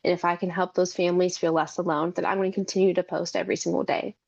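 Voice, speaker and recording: A woman's voice: on the low side, little pitch movement, fast talker, creaky, a little mellow, muffled recording. A young woman, a mother and caregiver, speaking earnestly as a podcast guest and telling her story in long run-on sentences. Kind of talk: conversational interview.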